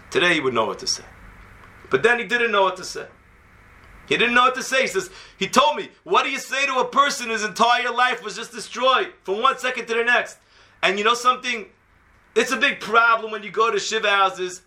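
A man tells a story to a room of students, his voice sitting high and sounding very bright and sharp. He talks in a lively, conversational way, dropping in Hebrew and Yiddish words as he goes. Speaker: yeshiva teacher giving a talk to students.

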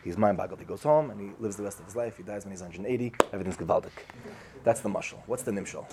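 A man's voice: on the low side, very fast, very noisy. A man giving a casual storytelling sermon, recounting a parable in a conversational way and repeating his phrases. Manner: conversational, repeats phrases, acts out quoted voices. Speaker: speaker telling a Torah parable.

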